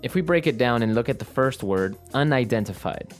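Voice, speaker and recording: A man co-hosting an English lesson, explaining words clearly and slowly like a teacher. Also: medium pitch, expressive, faint music behind. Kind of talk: language lesson chat.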